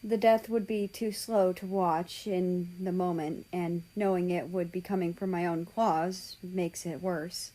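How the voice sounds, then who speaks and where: A woman reading a fan story aloud in slow, measured narration. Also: on the low side, fairly even intonation, mellow, rough recording. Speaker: story reader.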